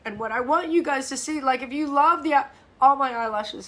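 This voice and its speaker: On a live stream, a middle-aged female fitness coach chats casually, blunt, profane and animated, restarting her sentences a lot. Her voice is high-pitched and gravelly at a normal speed, with slight background noise.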